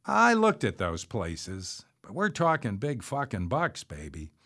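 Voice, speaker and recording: A brash, teasing middle-aged woman artist, played by a man reading the story, loud and familiar. Her lines jump up in pitch and swing widely. She sounds cheeky and bold. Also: huge pitch swings, measured pace, heavily acted.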